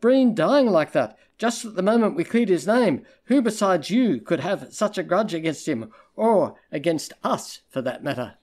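Guy reading as whiny petulant lawyer dude, kinda higher pitched, audiobook. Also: animated, moderate pace, few pauses, a little mellow. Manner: whining, petulant.

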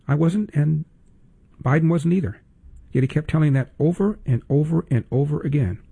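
A man hosting a political talk show, his voice gravelly and dark. He talks in a sarcastic, emphatic way and leans on repeated words for effect. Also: on the high side, moderate pace. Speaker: talk radio host.

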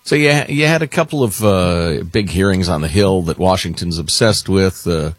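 A man's voice: low voice, moderate pace, no room sound. A man hosting a political talk radio show, chatting casually with a wry, sardonic edge.

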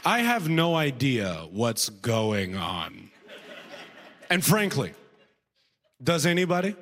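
A man doing stand-up comedy, animated, often laughing at his own jokes and slipping into voices. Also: medium pitch, slow, long pauses.

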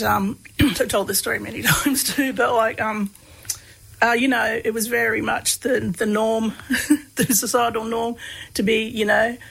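A woman, a guest telling stories in a relaxed, chatty way with lots of fillers. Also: medium pitch, vocal fry, husky, poor audio. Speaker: interview guest, researcher. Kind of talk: casual conversational storytelling.

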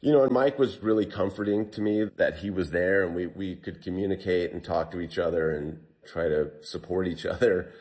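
A man telling a long survival story in an interview, retelling what people said in lively bursts. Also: low voice, brisk, few pauses. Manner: animated retelling, quotes himself and others.

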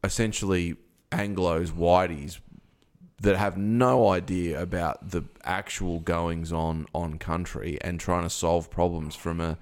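A man's voice: sits low, steady tone, a little slow. A man co-hosting a radio show, talking in rambling casual chat. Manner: rambling, restarts thoughts. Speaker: radio co-host.

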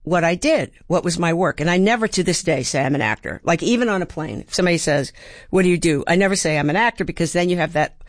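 A woman's voice: lowish voice, fast talker, dry recording. Older woman telling stories, dry close sound. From Baltimore, USA. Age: 70s. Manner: thoughtful, acts out quoted voices and rhythms. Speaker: actor and playwright, guest. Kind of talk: reflective interview storytelling.

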